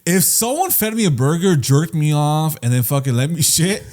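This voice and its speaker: A young man co-hosting a casual comedy podcast, crude and excitable, spinning wild hypothetical scenarios. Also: fairly high pitch, normal speed. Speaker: podcast co-host.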